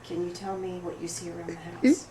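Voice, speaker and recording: An actress playing an oversensitive, apologetic woman at a support group, rambling through an improvised monologue in a rough, emotionally raw way. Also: fairly low pitch, level tone, a little fast, crowd noise, lightly acted. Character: oversensitive, apologetic woman pouring out her woes. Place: roomy studio space. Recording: echoey room, far mic, background noise.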